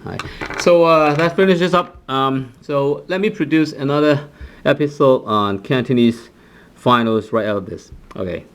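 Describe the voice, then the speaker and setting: A man gives an unscripted pronunciation lesson, talking slowly and stretching out each example sound. He repeats the sounds many times and fills the pauses with "uh" and "right?". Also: medium pitch, clear, resonant tone. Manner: slow and repetitive, drawing out example sounds with frequent "uh" and "right?". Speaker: Cantonese language teacher.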